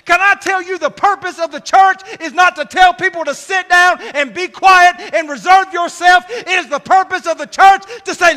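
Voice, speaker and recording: A male pastor preaching a sermon, swinging from shouts to hushed asides. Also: very high-pitched, unhurried.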